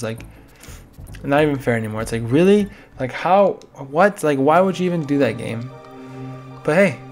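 Rambling, tired young man gaming. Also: a little high. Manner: rambling, chatty, frequent "like". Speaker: let's play gamer. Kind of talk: casual gameplay commentary.

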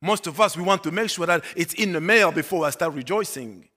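A male pastor preaching a sermon, swinging between loud emphatic bursts and quiet low asides. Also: expressive, fairly quick. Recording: long hall reverb.

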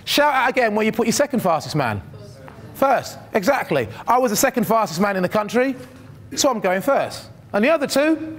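A middle-aged man, telling a humorous story from his sprinting days to students. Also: high voice. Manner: animated, humorous, addresses the audience directly. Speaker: motivational speaker, former sprinter.

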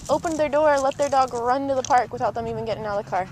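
A woman training a dog outdoors beside a park, coaching softly and breaking into high sing-song praise, on camera audio. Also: very fast, a little hiss or hum. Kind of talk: live dog training session.

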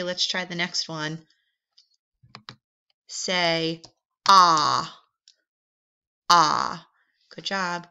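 In a slow phonics drill, a woman patiently encourages learners while drawing out each vowel sound. Her lowish voice carries vocal fry and sounds pushed and bright. The recording is a bit dull and lo-fi.

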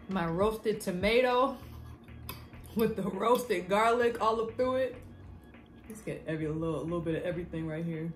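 A woman vlogging as she tastes her own cooking, animated and quick to laugh, with casual swearing and a Black way of talking. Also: medium pitch, soft background music. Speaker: food vlogger. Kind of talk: casual cooking vlog chat.

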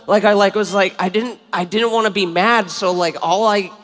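A man's voice: high voice, steady tone, moderate pace, crowd noise. A man co-hosting a podcast in front of a live audience, telling a story and laughing through his own words. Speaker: podcast co-host.

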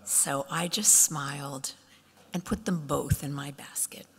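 A middle-aged woman speaks from a conference stage, telling stories and acting out the people in them. Her voice sits fairly low for a woman. A long reverb from the hall trails after her words. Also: unhurried. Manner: animated, acts out quoted voices. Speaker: keynote speaker. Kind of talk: storytelling keynote speech.

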